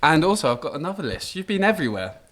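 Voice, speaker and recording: A man co-hosting a podcast in casual chat, playful and upbeat, quick to joke and tease. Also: a little high, sing-song, very noisy. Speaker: podcast co-host.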